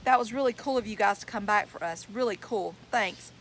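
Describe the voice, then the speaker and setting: A woman's voice: mid-range voice, a little fast, background noise, close to an everyday voice. Give me an eager, outspoken young schoolboy from a read-aloud storybook, as a woman voices him. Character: loyal, excitable young schoolboy.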